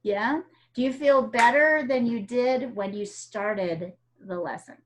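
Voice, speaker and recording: A woman from the United States teaching art over a video call. She talks in a chatty, encouraging way with plenty of fillers, and her voice sits a little high. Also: slow, a little hiss or hum.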